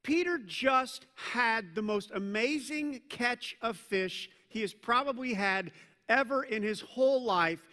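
A man preaching a sermon as pastor, swinging from loud emphatic peaks down to low, quiet stretches. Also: slow pace. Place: church sanctuary. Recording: long hall reverb.

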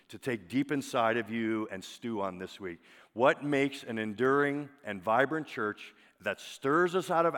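A man preaching a sermon as pastor, emphatic, often dropping to a soft, drawn-out single word for weight. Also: mid-range voice. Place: church sanctuary. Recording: long hall reverb.

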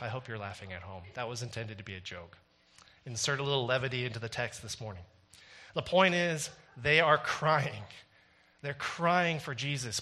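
A man's voice: medium pitch, pushed and bright. A man preaching a sermon with no congregation present, moving from wry joking asides to intense, emphatic preaching. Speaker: pastor. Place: recorded without a congregation.

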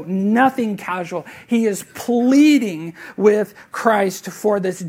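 A man preaching a sermon as pastor, earnest and conversational, rising to loud emphasis and then dropping to a hushed near-whisper. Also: high-pitched, slow, hardly any pauses. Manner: conversational, with fillers and restarts.

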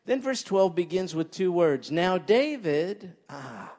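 A man delivers a sermon with animation, often turning to his listeners with questions. His voice is high and very lively in pitch. A long reverb trails behind him, as in a large hall. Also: a little slow. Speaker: preacher.

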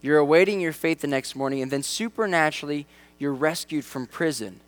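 A man preaching a sermon in a conversational way, with lively asides and acted-out voices. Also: on the high side, fairly quick. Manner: conversational, acts out quoted voices. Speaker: pastor.

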